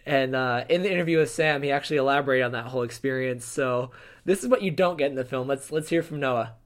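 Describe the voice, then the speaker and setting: A man hosting a casual talk show, setting up a clip in a relaxed way with a few fillers. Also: medium pitch, fast talker. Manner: relaxed, introduces clips with fillers. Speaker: podcast host. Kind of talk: casual chat.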